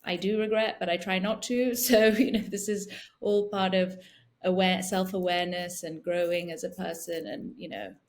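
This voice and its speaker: A woman in her forties talks as an interview guest, slow to find her words and full of "you know". Her voice sits a little low for a woman. She sounds thoughtful and soft-spoken. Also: steady tone. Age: 40s. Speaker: guest, founder. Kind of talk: casual interview talk.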